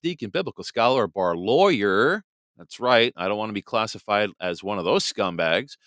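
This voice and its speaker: Blunt low-voiced man, dry close sound. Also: fairly bright tone, no echo. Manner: blunt, emphatic, slows down for solemn reading. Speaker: podcast host. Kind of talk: podcast monologue with scripture reading.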